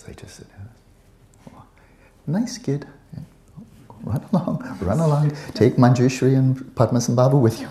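Deep-voiced man giving a casual dharma talk. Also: mellow, roomy sound, slight background noise. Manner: conversational, digressive, playful asides. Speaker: Buddhist teacher.

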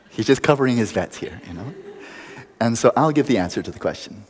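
A man's voice: medium pitch, big-room sound. A man giving a meditation retreat lecture, playful and teasing, telling stories and laughing often. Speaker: meditation teacher.

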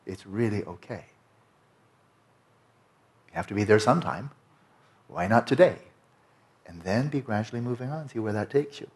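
A man teaching a meditation retreat in a relaxed, conversational way, often checking in with his listeners. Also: lowish voice, normal speed, pauses often. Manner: conversational, frequent "you know" and "right?".

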